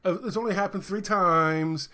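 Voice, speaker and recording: A man's voice: high voice, moderate pace, pushed and bright, pitched above the performer's own voice. A man putting on a smug middle-aged male politician who talks in a folksy, wheedling, self-excusing way.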